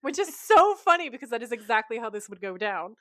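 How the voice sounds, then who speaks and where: A woman's voice: fairly high pitch, big pitch swings, fast, a bit bright, dry recording, studio quality. A woman co-hosting a podcast, casually recapping an episode and quoting the characters' lines as she goes. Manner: retells scenes while quoting the characters' lines. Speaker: podcast co-host.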